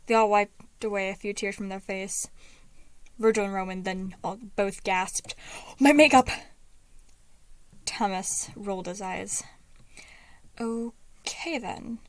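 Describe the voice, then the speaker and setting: Woman reader for fan fiction, slow pace, dry close recording. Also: mid-range voice, flat delivery, clear, resonant tone, dry recording. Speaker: fanfic reader. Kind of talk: reading a fan fiction aloud.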